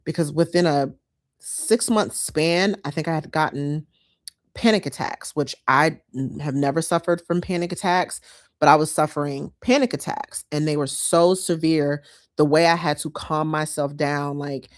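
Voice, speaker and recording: A woman's voice: deep voice, moderate pace. A woman, chatting casually and heartfelt to her viewers as a lifestyle vlogger.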